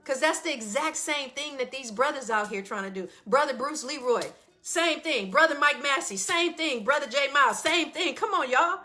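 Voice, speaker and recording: A woman's voice: high-pitched, lively intonation, normal speed, pushed and bright, soft background music. A woman hosting a live stream, exhorting her viewers in call-and-response style and guiding a breathing exercise. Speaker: host of a live show. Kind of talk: live-stream wellness talk.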